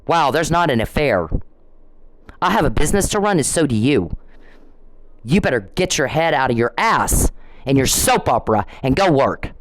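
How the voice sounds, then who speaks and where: A woman's voice: very deep voice, sing-song, normal speed, no room sound, rough recording. Furious ranting woman, dry sound. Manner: furious, profane, scolding; repeats and restarts when heated. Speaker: vlogger. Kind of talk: angry direct-address rant.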